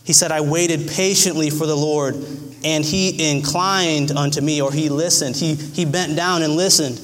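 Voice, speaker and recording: A man's voice: steady tone, normal speed, fairly bright tone, big-room sound. A man preaching a sermon in an earnest way, often repeating his phrases. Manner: earnest, repeats phrases, acts out cries in a high voice.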